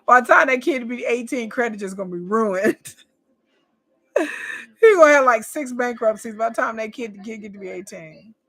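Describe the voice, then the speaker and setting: A woman's voice: a little high, animated, moderate pace, fairly bright tone. A woman giving casual, incredulous commentary on a reality show, talking in a colloquial drawl and laughing often. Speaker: reaction commentator.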